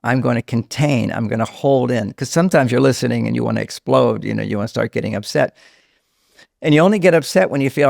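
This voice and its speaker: Older male counselor guest, gravelly voice, dry close mic, long explanations. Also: medium pitch, brisk, dry recording. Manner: explains at length, drops to a hushed voice when quoting a scared child. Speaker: relationship counselor and author, guest. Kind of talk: conversational podcast interview.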